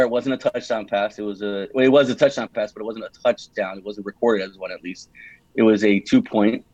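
In a casual podcast interview, a young man in his twenties from California talks in a lowish, darkish voice, rambling and restarting constantly with plenty of fillers. The audio has no room sound and is dull and lo-fi.

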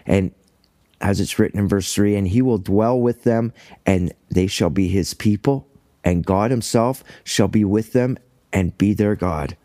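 A man's voice: on the low side, measured pace, mellow, dry recording, studio quality. Earnest man teaching from the Bible. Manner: earnest, enthusiastic, reads scripture aloud then explains. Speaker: preacher.

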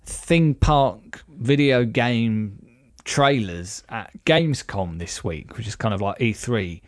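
A man's voice: medium pitch, lively intonation, takes it slowly, dry recording. A man co-hosting a podcast, chatting casually and rambling upbeat through a list, his filler-laden talk sitting in the middle of the male range. The sound is dry and close, with no room around it. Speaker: podcast co-host.

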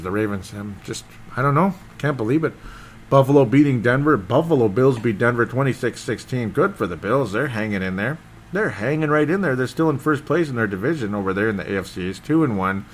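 A man hosting a casual solo football recap, rambling and excitable and often losing his train of thought. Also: medium pitch, a little hiss or hum. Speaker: sports podcast host.

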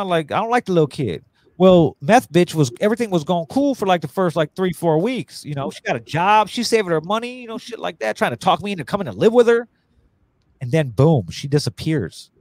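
Profane, animated man telling a story. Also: high voice, normal speed. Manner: crude, profane, animated storytelling with voiced quotes. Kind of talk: casual storytelling chat.

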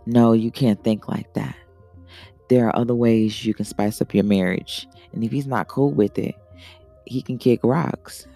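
A woman's voice: extremely low pitch, steady tone, measured pace, gravelly, dark tone, soft background music, exaggerated voice. A man voicing a frank, motherly woman swinger with a New Orleans accent who calls everyone baby. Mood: counseling. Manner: calls people baby, blunt advice. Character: sassy older woman swinger, soothing and frank.

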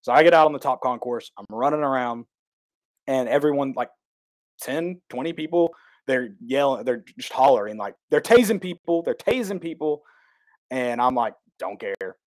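A man, co-hosting a casual talk show, telling a rambling, excitable story and correcting himself as he goes. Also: mid-range voice, normal speed, no echo. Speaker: podcast co-host.

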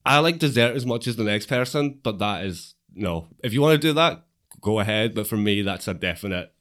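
A man's voice: fairly low pitch, expressive, a little fast, a bit bright. A young man with a Belfast accent, co-hosting a casual podcast in a dry, matter-of-fact, teasing way. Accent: Northern Irish, Belfast. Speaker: podcast co-host. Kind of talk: casual chat.

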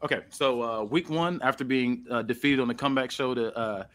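Man, podcast host, casual story recap, mid pitch. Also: brisk, a bit bright, slight background noise.

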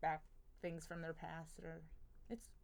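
A woman's voice: low voice, little pitch movement, takes it slowly, vocal fry. A young woman co-hosting a casual podcast chat, chatty and laughing often, turning earnest when she explains something. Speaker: podcast co-host.

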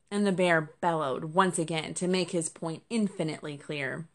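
A woman narrating a storybook with an expressive, measured reading. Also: low-pitched.

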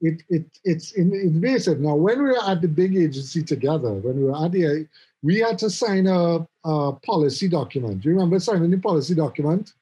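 A middle-aged man chatting casually about his office jobs, telling animated stories and often repeating words as he goes. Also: on the high side, fairly quick, husky, low-quality recording. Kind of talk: casual conversation.

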